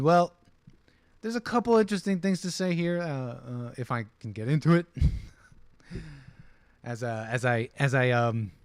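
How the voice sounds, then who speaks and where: An American man hosts a casual livestream, rambling with plenty of fillers and restarts and putting on mocking voices for the people he quotes. His voice is mid-range, recorded with no echo.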